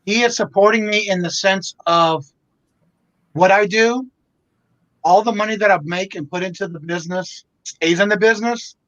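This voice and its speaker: A man's voice: high-pitched, moderate pace, pauses often, a bit bright, dry recording, lo-fi sound. A man from Louisiana chatting casually on a livestream in an easygoing, rambling way. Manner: easygoing, rambling, repeats words as he talks. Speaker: reseller and show host.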